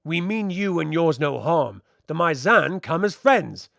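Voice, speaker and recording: A man's voice: fairly high pitch, very animated, measured pace, creaky, a bit bright, no echo, studio quality, exaggerated voice. A man reading aloud and voicing a charming, flippant castle commander who talks in a suave, teasing way. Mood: smooth. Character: charming, smooth-talking male castle commander.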